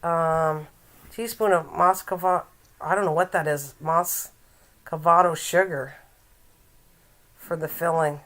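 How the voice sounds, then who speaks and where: An older woman hosts a casual live-stream chat. She teases her viewers, laughs often and reads a recipe aloud haltingly. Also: deep voice, steady tone, fairly bright tone. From Canada.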